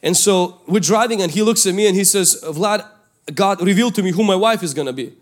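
A male pastor, preaching a sermon and telling a story from his youth, swinging between loud calls and hushed asides. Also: high-pitched, fairly quick. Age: 20s at the time of the story, now older.

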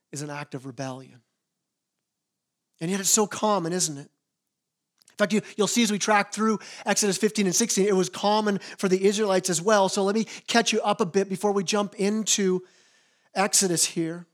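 Pastor, man, high pitch, earnest sermon delivery with stutter-start phrasing. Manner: earnest, repeats words when starting phrases.

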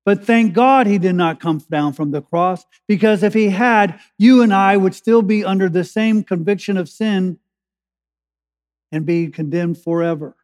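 A male pastor preaching, with a high voice that rings through a church sanctuary. He slows down to stress key phrases and lifts into urgency as his points build. His words trail off into a long hall reverb. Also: darkish tone. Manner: preaches with slow emphatic pauses and rising urgency. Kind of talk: sermon.

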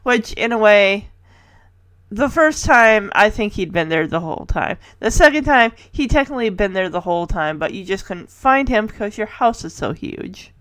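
A woman podcast host with a medium-pitched, slightly bright voice recaps a sitcom episode in casual chat, animated and at normal speed. She's chatty and giggly, tossing in asides and quoting characters in playful voices, all in a dry recording.

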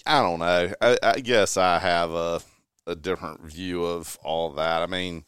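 A man chatting as a radio guest, wry and measured. His voice is very deep and smooth, with a resonant, clear tone. The sound is dry and close. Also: fairly even intonation, fairly bright tone, no echo. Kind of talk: casual chat.

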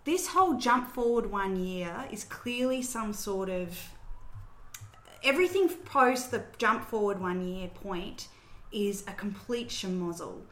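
A woman's voice: mid-range voice, animated, measured pace, a bit bright. A woman hosting a podcast, chatting casually and retelling a film's plot scene by scene. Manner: chatty, storytelling recap with fillers. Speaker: podcast host recapping a film. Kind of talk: casual chat. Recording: roomy echo.

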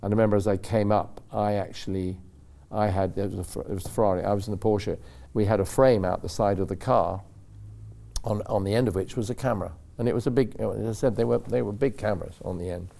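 On a talk-show stage, an older racing driver guest tells a meandering story about his racing days in a low, warm, relaxed, gravelly voice at a quick pace. He keeps correcting himself mid-sentence and briefly puts on the voices of the people he quotes.

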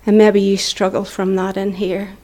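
A woman's voice: medium pitch, monotone, moderate pace, mellow. A middle-aged woman with a Northern Irish accent gives an earnest, impassioned church testimony, sometimes dropping into a whisper. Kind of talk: preaching testimony.

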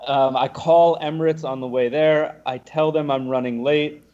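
A young man, a podcast guest, telling a lively anecdote and acting out what the other people said. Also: fairly high pitch, moderate pace, highs cut off. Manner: animated, acts out the other people's lines. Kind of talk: casual storytelling.

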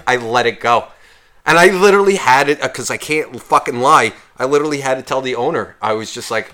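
A man's voice: mid-range voice, fairly quick. A man co-hosting a podcast, telling profane bar stories in casual chat and mocking people with put-on voices. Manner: profane, animated storytelling with mocking impressions. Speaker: podcast co-host, former bartender.

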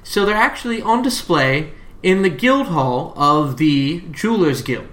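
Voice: medium pitch, expressive, unhurried, a bit bright. A game master as a hesitant quartermaster. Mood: businesslike. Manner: hesitant, many fillers. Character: hesitant male quartermaster and fence. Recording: roomy echo.

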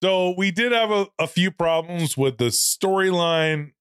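A man's voice: high-pitched, measured pace, a bit bright, smooth, no echo. Chatty man, dry close sound. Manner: chatty, laughs often, acts out anecdotes. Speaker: podcast co-host. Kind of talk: casual movie review chat.

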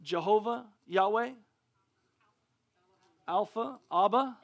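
A male preacher giving a sermon, excitable and often stumbling over restarts. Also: high-pitched, slow, vocal fry.

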